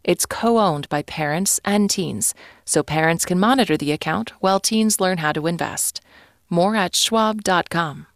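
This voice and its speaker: Measured woman sponsor announcer. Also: lowish voice, no echo, clean studio sound. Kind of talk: scripted announcement.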